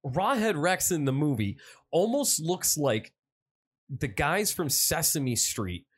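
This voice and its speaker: A man with a slightly high voice and very lively, swooping pitch rambles through a movie recap. He swears constantly and piles on filler as he tells the story. The talk is loose and casual. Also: slow. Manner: profane, rambling, animated storytelling. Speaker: podcast co-host.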